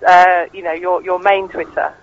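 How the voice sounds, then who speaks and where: Playful, cheeky male on-location reporter with a high voice; the sound is muffled, like a phone line. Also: flat delivery, normal speed, gravelly. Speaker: radio co-host on location. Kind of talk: casual live radio banter.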